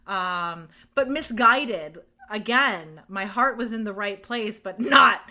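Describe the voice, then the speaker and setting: Bright-voiced, emphatic woman chatting. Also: medium pitch, slow. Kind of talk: casual podcast chat.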